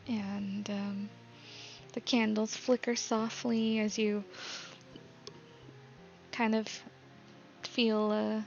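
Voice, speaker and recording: Woman dungeon master, halting narration, slow, gravelly, muffled lo-fi audio with faint hiss. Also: mid-range voice, little pitch movement, darkish tone, faint music behind. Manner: halting narration full of ums, laughs easily. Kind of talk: narrating a live-streamed tabletop game. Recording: slightly dull lo-fi sound with faint noise.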